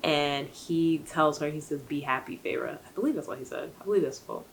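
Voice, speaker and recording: This book vlogger has a deep voice and a brisk delivery, and the low-quality recording carries a little hiss or hum. The young woman rambles chattily through her book recap, piling on fillers and side comments.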